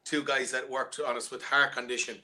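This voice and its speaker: Speaking at a medium pitch with a level, sharp tone and a brisk delivery, an Irish man who plays music chats as a guest in a casual interview over video call. His talk wanders, full of false starts and fillers.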